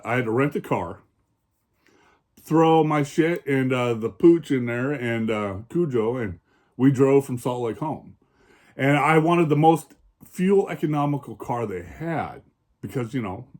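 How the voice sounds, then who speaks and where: A man's voice: a little high, darkish tone. A man vlogger ranting about bad drivers, profane, heated and sarcastic, from the American Northwest. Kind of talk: angry personal rant. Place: home in Oregon.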